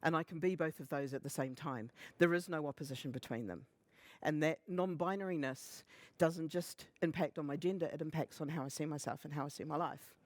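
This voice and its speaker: Animated, humorous man giving a conference talk. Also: a little high, fairly quick, hardly any pauses, no echo. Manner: humorous, animated, acts out quoted remarks. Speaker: conference speaker. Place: conference stage.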